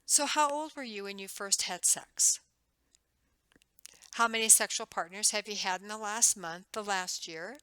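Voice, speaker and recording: A woman's voice: medium pitch, a little slow, bright, forceful tone, clean tone, no room sound, low-quality recording. A woman instructor giving a recorded lecture in a conversational way, acting out the questions she would ask patients. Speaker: nursing instructor.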